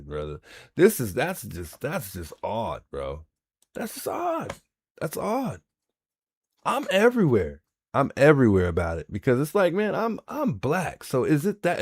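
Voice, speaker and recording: Man, livestream reaction host, lively pitch, keeps repeating his disbelief. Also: normal speed, breathy edge, no room sound, studio quality. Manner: animated, repeats himself in disbelief. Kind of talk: casual reaction commentary.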